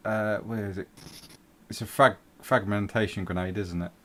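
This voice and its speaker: A man's voice: on the low side, steady tone, normal speed, fairly bright tone. A man running a tabletop role-playing game as game master, patiently explaining the rules in a matter-of-fact way.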